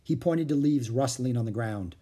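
A man's voice: medium pitch, moderate pace, mellow, breathy edge. A man reading a children's chapter book aloud, changing voices for the characters. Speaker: storyteller.

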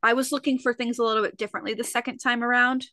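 A woman co-hosting a podcast chats casually and animatedly, often acting out quotes from scenes. Her voice is a little high and rapid-fire, with clean studio sound and no echo.

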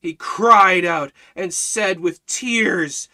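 Fervent man preaching with a bright voice. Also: on the high side, normal speed. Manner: preaching with rising fervor, repetitive emphatic lines. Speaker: Bible teacher. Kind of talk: sermon-style Bible study.

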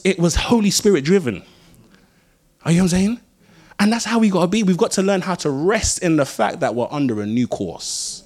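A man's voice: high-pitched, expressive, a little fast, a little mellow. A man, preaching a sermon, telling stories and driving points home with emphatic repeated phrases. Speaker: pastor.

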